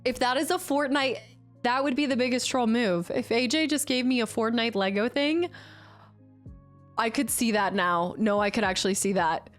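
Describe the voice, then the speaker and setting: A woman streamer chatting casually with her viewers, excitable and quick to squeal and laugh. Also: a little high, soft background music. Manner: excitable, squeals and laughs when opening gifts. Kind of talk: casual live-stream chat.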